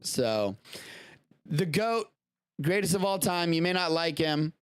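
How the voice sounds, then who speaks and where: A man's voice: a little high, big pitch swings, takes it slowly, clear, resonant tone, dry recording, faint music behind. A man hosting a live-streamed show from home, chatting casually about the news in a rambling, self-interrupting way with casual swearing.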